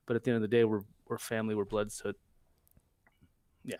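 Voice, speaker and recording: Halting man chatting in a dry room. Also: lowish voice, little pitch movement, a little mellow, clean tone, no room sound. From United States. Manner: halting, hesitant, with restarts. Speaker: guest. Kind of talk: casual chat.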